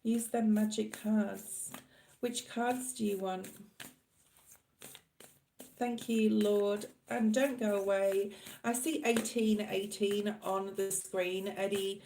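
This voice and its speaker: A woman's voice: mid-range voice, steady tone, slow, dark tone, roomy sound, slight background noise. A middle-aged Australian woman giving a live tarot reading, chatting and rambling casually to her viewers. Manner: chatty, rambling, laughs often, addresses viewers by name. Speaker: tarot reader.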